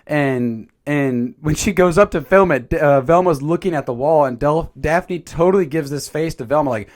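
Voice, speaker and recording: Guy rambling thru a cartoon movie review, voice all over the place, kinda high. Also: moderate pace, hardly any pauses. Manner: rambling, animated, with fillers and mild swearing. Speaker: channel host. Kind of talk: casual movie review commentary.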